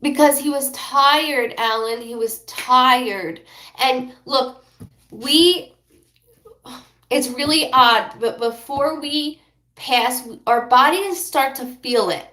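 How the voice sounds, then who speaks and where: A woman's voice: high voice, pushed and bright, roomy sound. Rambling, apologetic woman medium. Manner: rambling, apologetic, relays messages in quick bursts. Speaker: psychic medium. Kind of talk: live reading on a stream.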